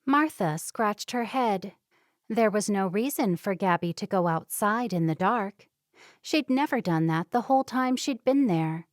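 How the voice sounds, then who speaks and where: A woman reads a romance novel aloud in an even, measured way, with a mid-pitched voice. The recording is dry and close. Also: no room sound. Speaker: audiobook narrator. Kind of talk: scripted narration.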